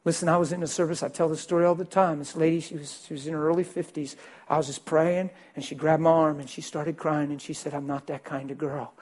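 A man preaching as a pastor, telling a story to his congregation, swinging between loud bursts and hushed, quiet lines. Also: a little high, little pitch movement, quick pace, hardly any pauses. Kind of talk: sermon storytelling.

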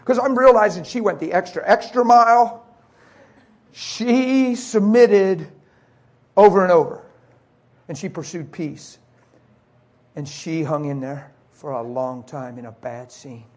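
A man's voice: sits high, measured pace, long pauses, a little mellow. A middle-aged man preaching, telling an emotional personal testimony in a confessional way. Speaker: pastor.

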